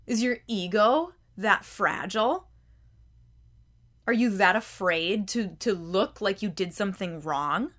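Woman podcast host, mid pitch, chatty self-help talk, pushes with pointed questions, trips over repeated words. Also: expressive, slow pace, a bit bright. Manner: emphatic, challenging rhetorical questions; conversational, frequent word repeats.

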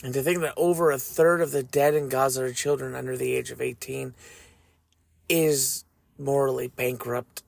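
A man hosting a faith podcast, reading scripture and speaking in an earnest, measured, reflective way. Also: medium pitch, steady tone, creaky, dry recording. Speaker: podcast host.

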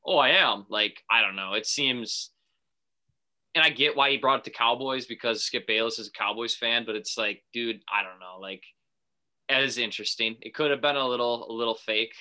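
A man co-hosting a casual sports talk show, telling a made-up phone call with animated put-on voices. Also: medium pitch, moderate pace. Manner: animated storyteller, acts out phone calls. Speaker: podcast co-host.

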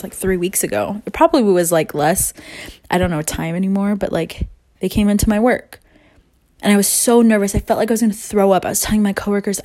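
Twenties woman venting on camera, swears a lot, rambly, moving room to room, mid pitch. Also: a little mellow. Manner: candid, rambling, swears freely. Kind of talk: casual personal vlog monologue. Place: moving between rooms at home.

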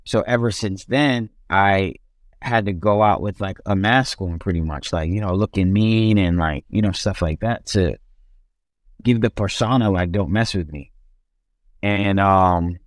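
A man's voice: sits low, measured pace, no echo, studio quality. A young man casually telling his life story as an interview guest, loose and rambling with many restarts.

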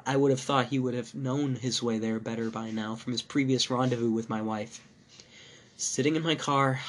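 A male podcast host narrating a first-person horror story in a measured, dark manner. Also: mid-range voice.

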